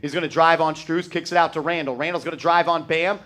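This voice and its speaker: A man calls the game play-by-play for a fan live stream, his voice sitting a touch high. He runs through the action quickly and flares into shouting and swearing when the team blows a play. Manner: excitable, shouts and swears at bad plays.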